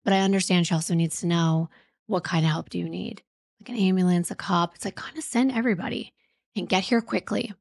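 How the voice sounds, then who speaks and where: A woman's voice: lowish voice, steady tone, fairly quick, vocal fry, darkish tone, dry recording, studio quality. A woman host narrating a true-crime story in a conversational way, adding her own frank comments. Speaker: podcast host.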